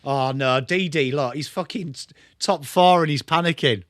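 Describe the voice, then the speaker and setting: A man's voice: a little high, moderate pace, no echo, clean studio sound. A young man hosting a live football watchalong, calling the play and chatting with viewers in a casual, swearing, bantering way. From England. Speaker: watchalong host.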